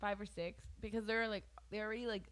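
A woman's voice: medium pitch, fairly even intonation, fast talker, a bit bright. A young adult woman chatting casually, telling a long story with "like" in almost every phrase and laughing often. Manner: chatty storyteller, heavy use of "like", frequent laughs. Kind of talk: casual chat.

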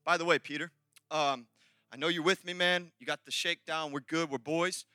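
Man doing Jesus, calm, buddy-like, lower and hushed, sharp bright tone. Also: moderate pace, dry recording, studio quality. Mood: easy, knowing. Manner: easygoing, buddy-like talk. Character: Jesus, calm and matter-of-fact with a friend.

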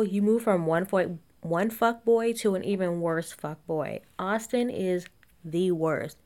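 A woman's voice: mid-range voice, slow pace, a little mellow. A woman hosting a podcast, chatting candidly about reality TV gossip and laughing often, recorded while lying on a futon at home. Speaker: podcast host. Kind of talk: casual gossip and episode recap.

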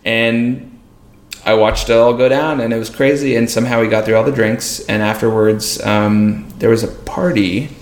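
A man, a podcast guest, telling a story in a casual, animated way and acting out other people's lines. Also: medium pitch, moderate pace. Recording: roomy echo.

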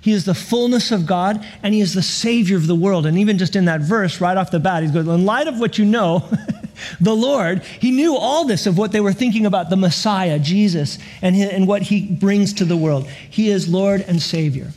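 A man's voice: sits high, moderate pace, darkish tone. A man preaching a sermon as pastor, telling stories with laughs and repeated stammered words.

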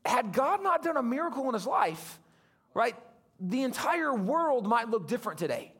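Male guest pastor, animated storyteller, very high voice with a gravelly edge. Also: moderate pace. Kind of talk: storytelling sermon.

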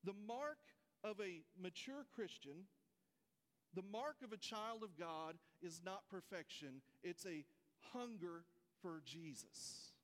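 A man's voice: sits high, lively intonation, takes it slowly, a bit bright, in a large hall. A man preaching a folksy sermon, speaking straight to his congregation. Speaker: pastor. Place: church sanctuary.

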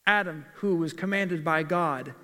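A man's voice: fairly high pitch, unhurried, bright, forceful tone. A male pastor giving a sermon in a church, asking rhetorical questions and reading scripture aloud. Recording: long reverb of a large hall.

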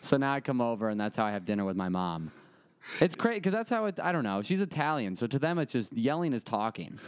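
A young man co-hosting a podcast, telling funny stories in an animated way and acting out his mother's yelling. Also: medium pitch, fast talker, clear, resonant tone. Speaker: podcast co-host. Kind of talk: casual comedic storytelling.

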